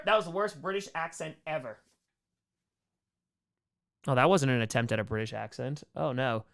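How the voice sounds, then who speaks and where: A young man calling football play by play on a live stream, excitedly reading viewer messages and hyping up the chat. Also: a little high. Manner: excitable, hypes up viewers, quick shifts between calling plays and reading chat.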